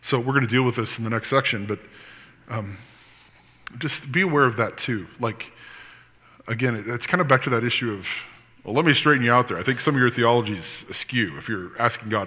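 A man's voice: medium pitch, moderate pace, bright, forceful tone, husky, in a large hall. A man preaching a sermon as pastor, earnest and sometimes impassioned. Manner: earnest, rises to impassioned pleading at times.

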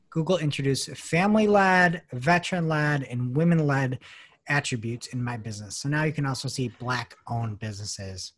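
A man co-hosting a marketing news podcast, joking and animated in casual chat. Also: mid-range voice. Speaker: podcast co-host.

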